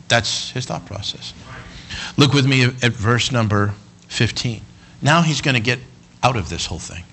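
Male preacher, bright, forceful delivery, soft asides break into shouts, repeats himself. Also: medium pitch, animated, moderate pace, a little hiss or hum, poor audio. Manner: swings from quiet talk to shouted emphasis; stumbles and repeats words. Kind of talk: sermon.

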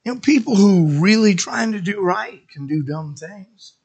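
A man preaching a sermon and telling stories dramatically, swinging from loud to hushed. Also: high-pitched, expressive, measured pace, vocal fry, husky. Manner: dramatic storytelling, sudden shifts from loud to hushed.

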